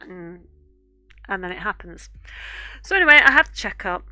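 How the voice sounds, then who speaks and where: A woman's voice: medium pitch, expressive, normal speed, long pauses, pushed and bright, dry recording, faint music behind. A woman art streamer casually telling a rambling story while she draws, with lots of fillers and restarts.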